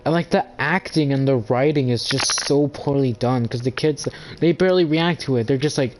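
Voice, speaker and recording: A man's voice: medium pitch, normal speed, few pauses, a little hiss or hum, rough recording. A man ranting in a casual monologue, rambling with lots of fillers, restarts and swearing. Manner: rambling, profane, full of "like" and restarts. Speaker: gaming channel host.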